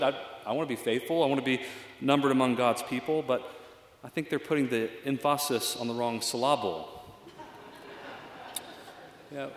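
A man's voice: mid-range voice, echoey room, big-room sound. A male pastor giving a reflective, conversational sermon with frequent fillers.

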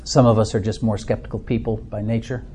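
A man's voice: lowish voice, level tone, fast, dark tone, slight background noise. A middle-aged man from Minnesota with an Upper Midwest American accent, leading an informal church discussion group in a chatty, self-deprecating way with frequent fillers. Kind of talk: informal talk to a small group.

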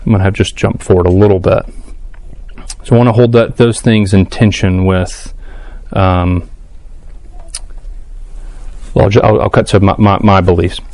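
Man, church class teacher, casual lecture, stumbles and restarts, asks the room questions, low voice. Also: steady tone, moderate pace, pauses often, a little mellow.

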